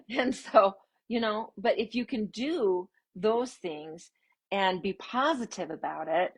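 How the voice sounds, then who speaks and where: Woman, live-stream host, parenting coach, casual direct talk, expressive swooping emphasis, medium pitch. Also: slow, breathy edge.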